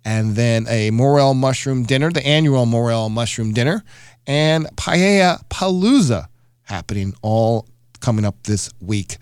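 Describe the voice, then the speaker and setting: A man's voice: mid-range voice, animated, unhurried, a little mellow, clean tone, no room sound, clean studio sound. A man hosting a casual radio food chat, upbeat and joking, with many fillers. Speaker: radio show host.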